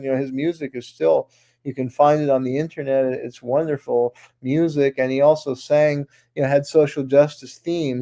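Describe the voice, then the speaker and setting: Mellow-voiced man with a rambling delivery. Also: medium pitch, gravelly. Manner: rambling, with many restarts and fillers. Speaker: guest author. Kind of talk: radio interview.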